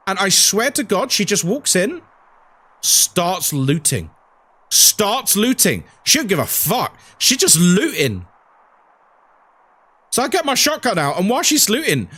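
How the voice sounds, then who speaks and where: A high-voiced man chatting on a game stream, his pitch swinging up and down as he tells a story. He rambles and repeats lines over and over, then cuts off mid-thought. The delivery is loose and animated. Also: moderate pace. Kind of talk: casual chat on a horror game stream.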